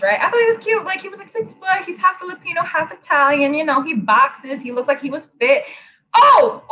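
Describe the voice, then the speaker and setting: A woman's voice: high voice, dull audio. Brash young woman telling a story. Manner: animated storytelling, blunt and profane. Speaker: host. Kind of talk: casual chat.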